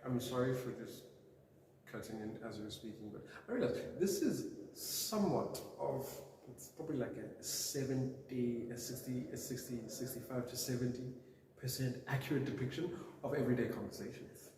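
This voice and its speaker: The speaker is a young man guesting on a podcast, with a medium-pitched voice at moderate pace. His casual talk is rambling and self-deprecating with plenty of fillers. The audio comes from a campus room, echoey and noisy, with the mic placed far off.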